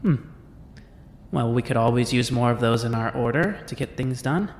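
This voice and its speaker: A man's voice: medium pitch, animated, normal speed, long reverb tail, slight background noise, lightly acted. A man voicing an ancient, wry witch in a tabletop game. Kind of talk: tabletop role-play voicing.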